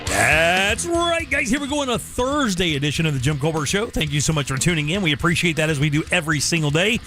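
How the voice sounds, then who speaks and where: Upbeat radio host, slightly high voice. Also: male voice, big pitch swings, bright, forceful tone, soft background music. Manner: brisk, upbeat, laughs easily. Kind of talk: talk radio banter. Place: radio studio.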